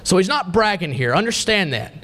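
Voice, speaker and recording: A man with a high-pitched voice preaches a sermon. He reads scripture aloud and keeps asking the congregation questions. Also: big pitch swings, fairly quick, sharp tone.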